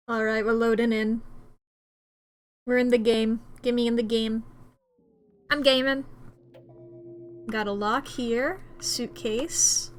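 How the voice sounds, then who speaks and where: A woman's voice: on the high side, steady tone, slow pace, pauses often, a little hiss or hum. A woman streamer giving playful, joking let's-play commentary, reading and reacting to a game. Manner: playful, joking, self-mocking.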